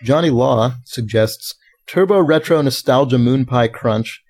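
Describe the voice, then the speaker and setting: A man's voice: mid-range voice, unhurried, darkish tone. A man hosting a casual podcast, reading listener submissions aloud with frequent laughter. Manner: amused, reads names aloud, laughs often.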